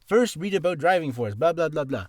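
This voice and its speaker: A man's voice: on the high side, animated, a little fast, no echo. A man teaching voice acting in a casual tutorial, rambling with asides and poking fun at himself. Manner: rambling and self-deprecating, full of asides.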